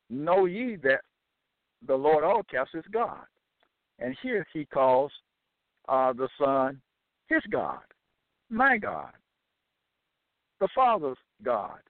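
A man teaching from scripture in a deliberate, measured way, citing each chapter and verse aloud. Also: a little high, no echo. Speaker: bible teacher. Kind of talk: slow scripture reading and teaching. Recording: dry, tinny phone-like sound.

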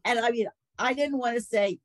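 A middle-aged woman telling her own story in a casual interview, chatty and animated when she quotes others. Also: fairly high pitch, normal speed, dry recording, rough recording. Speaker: guest.

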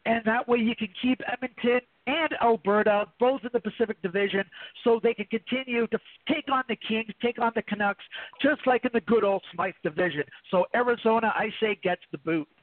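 A man's voice: high voice, a little fast, no echo. A man from Canada co-hosting a casual hockey talk show, opinionated and rambling, with a jokey streak. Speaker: podcast co-host. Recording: dry, tinny phone-like line.

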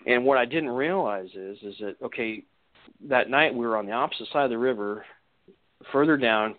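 A man's voice: medium pitch, moderate pace. A man recounting an encounter as a guest on a radio interview, rambling with many restarts and "you know"s. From Washington state. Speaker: eyewitness guest. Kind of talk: casual storytelling interview. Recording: tinny phone line.

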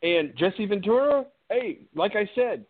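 A man rants emphatically in casual podcast chat and punctuates his points with swearing. His voice sits high. It comes through thin and phone-like. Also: lively intonation, unhurried. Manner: emphatic, profane ranting. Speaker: podcast co-host. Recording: phone-like sound.

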